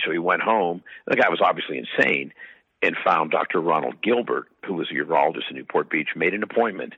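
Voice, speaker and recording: A man's voice: deep voice, husky, no echo. A man guest in an interview, chatting through long rambling anecdotes with fillers, heard on slightly muffled audio. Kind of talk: casual storytelling.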